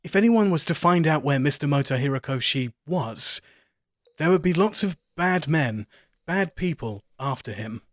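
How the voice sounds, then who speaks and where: A man putting on a courteous hidden old gentleman. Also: animated, moderate pace, no room sound, clean studio sound. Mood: patient. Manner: polite, genteel, higher put-on voice. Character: courteous secretive older man in hiding.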